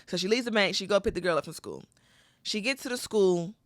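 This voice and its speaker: A fast-talking woman with a fairly low pitch co-hosts a comedy podcast, recounting a movie plot casually with lots of swearing and performed quotes in an animated style. The recording is dry.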